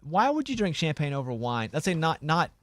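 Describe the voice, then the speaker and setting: A man's voice: a little high, very animated, a little fast, a bit bright, dry recording. A man hosting a radio show, bantering playfully with his co-hosts and coaching them along. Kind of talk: casual studio banter. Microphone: studio microphone.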